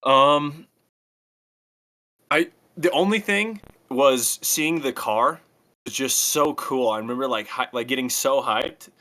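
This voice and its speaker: A young man on a podcast, recalling an event in relaxed casual chat with hesitant ums. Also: medium pitch, takes it slowly. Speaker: podcast co-host.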